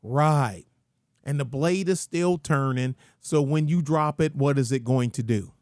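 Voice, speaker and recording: Slow, rambling man with a dry voice. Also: medium pitch, a little mellow, no room sound. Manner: folksy, rambling, slangy. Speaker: channel host. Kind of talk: casual rant commentary.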